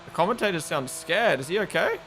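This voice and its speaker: A man live-streaming a race watch-along, chatting with viewers in an excitable, casual way. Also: high voice, brisk. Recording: broadcast race audio noise behind. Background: race broadcast audio playing.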